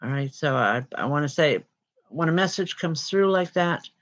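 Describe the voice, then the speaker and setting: A woman's voice: sits low, expressive, normal speed. A woman working as a spiritual medium, giving readings. She calls people by name and passes on spirit messages in a reassuring way. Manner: addresses people directly by name.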